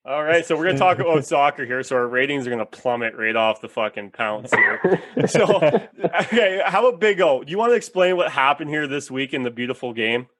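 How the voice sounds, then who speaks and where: A man's voice: mid-range voice, lively intonation, a little fast, fairly bright tone. A man hosting a casual podcast, joking around, swearing freely and laughing often. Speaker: podcast host.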